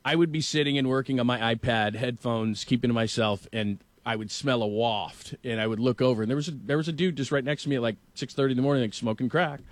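A man hosting a sports talk show, telling rambling, animated stories in casual chat. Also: medium pitch, fast talker, hardly any pauses, no room sound. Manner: rambling storyteller, animated anecdotes.

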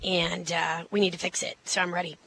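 Bright-voiced confident woman candidate. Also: fairly low pitch, flat delivery, vocal fry, slight background noise, poor audio. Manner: confident, quick, many fillers and restarts. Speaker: mayoral candidate. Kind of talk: interview answers.

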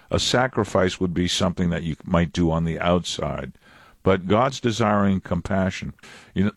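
A man's voice: sits low, no room sound, clean studio sound. A pastor giving a conversational sermon, a man whose casual, digressive telling often breaks into chuckling asides.

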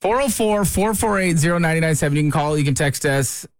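A man's voice: fairly high pitch, brisk, no echo. A man hosting a radio show, upbeat and taking calls from listeners. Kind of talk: casual radio talk.

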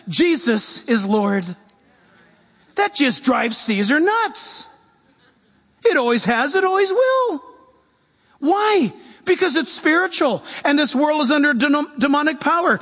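High-voiced animated male preacher. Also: long reverb tail. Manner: animated preaching, swings between loud emphasis and quiet asides. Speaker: pastor. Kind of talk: sermon.

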